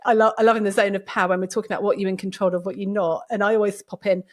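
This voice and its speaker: A woman hosting a podcast, talking casually and telling stories in a lively way with many restarts. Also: mid-range voice, very fast. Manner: lively storytelling with frequent restarts. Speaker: podcast host and doctor. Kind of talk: casual conversation.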